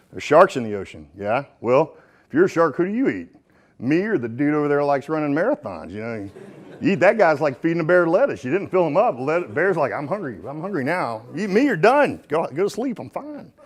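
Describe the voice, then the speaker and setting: Standing in front of a live audience, a man delivers a motivational keynote in a medium-pitched voice. He keeps it folksy with plenty of jokes, alternating punchy lines with quieter, hushed passages.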